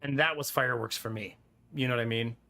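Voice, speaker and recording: A man's voice: mid-range voice, steady tone, fast talker, creaky, bright, forceful tone. A man in his thirties chatting casually with his live-stream chat while playing a card game, laughing often. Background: faint game music.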